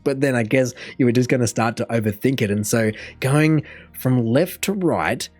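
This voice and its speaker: A man's voice: medium pitch, expressive, fairly quick, darkish tone, slightly rough, soft background music. A young Australian man hosting a reaction video, commenting in a chatty, thinking-aloud way with frequent laughs. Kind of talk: casual commentary over a video.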